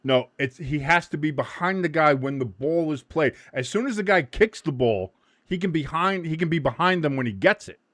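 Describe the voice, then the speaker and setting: A man hosting a live match watch-along in casual chat. He gets excited easily, swears freely, laughs often and shouts at big moments. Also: on the high side, normal speed, no room sound, clean studio sound.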